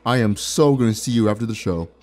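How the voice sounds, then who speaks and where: A man's voice: on the low side, quick pace, darkish tone. A young man with a sore mouth giving playful let's play commentary, joking, laughing often and reading game text aloud. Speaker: gaming YouTuber.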